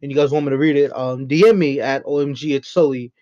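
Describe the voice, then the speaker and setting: A man's voice: mid-range voice, steady tone, quick pace, mellow. A man hosting his first podcast, talking loosely and off the cuff, rambling with lots of swearing and jokes. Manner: rambling, profane and joking. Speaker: podcast host. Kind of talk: unscripted solo podcast chat. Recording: dull lo-fi recording.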